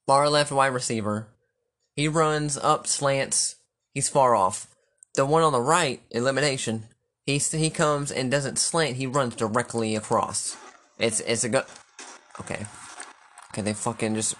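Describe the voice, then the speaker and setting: A man commenting casually on his own football video game, thinking aloud, swearing freely and getting excitable on big plays. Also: mid-range voice, slight background noise.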